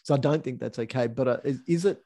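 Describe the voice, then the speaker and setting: A man's voice: medium pitch, fast talker, warm tone. A man, co-hosting a podcast in casual chat, swearing and laughing now and then. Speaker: podcast co-host.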